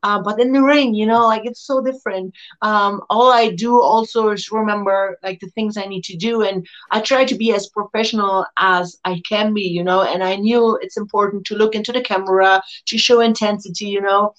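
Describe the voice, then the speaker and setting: A woman wrestler, not her first tongue, tells her story with lively energy, jumping up in pitch whenever she acts out what someone said. Her voice sits at an ordinary middle pitch. The audio is somewhat dull and lo-fi. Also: moderate pace, hardly any pauses. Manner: excitable, acts out quotes with big jumps in pitch. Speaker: wrestler, interview guest. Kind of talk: animated storytelling in an interview.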